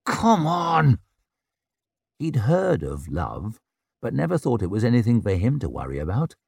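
A man narrating a fantasy novel as an audiobook, telling it in an expressive, dramatic way. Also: on the low side, moderate pace, creaky, breathy edge, no room sound, studio quality.

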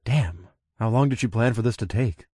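A man narrating a first-person audiobook in a steady, relaxed storytelling voice on a close mic. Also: medium pitch, normal speed, husky, no room sound.

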